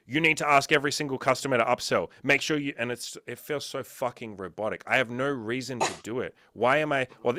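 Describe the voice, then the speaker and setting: A man chatting casually on a podcast as a business coach, swearing a lot and telling animated stories. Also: mid-range voice, no room sound, studio quality. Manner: profane, animated storytelling.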